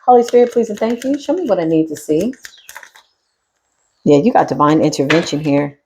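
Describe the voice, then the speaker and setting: A woman's voice: low voice, lively intonation, a little fast, noisy background. A woman doing a spiritual tarot reading in a sassy, streetwise style, talking straight to the viewer and to the spirit. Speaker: tarot reader.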